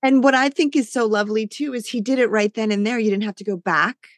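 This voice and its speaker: A woman's voice: on the high side, quick pace, no room sound. A woman hosting an interview in a casual, effusive, supportive way, often chiming in. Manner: effusive and supportive, eager to chime in. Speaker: podcast host.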